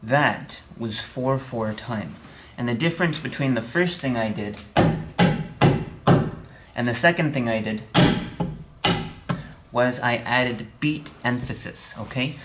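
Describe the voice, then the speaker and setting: A man teaching a music theory lesson, chatty and a little wry, often checking in with the viewer and counting beats out loud with hard accents on the downbeat. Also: mid-range voice, takes it slowly, pauses often, heavy background noise. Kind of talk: recorded video lesson.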